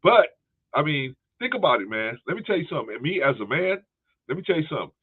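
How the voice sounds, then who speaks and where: Animated man on a tinny phone-like line. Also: on the high side, fast, breathy edge. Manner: animated, laughing, peppers speech with "man". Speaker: livestream commentary host. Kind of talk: casual commentary with viewer shout-outs.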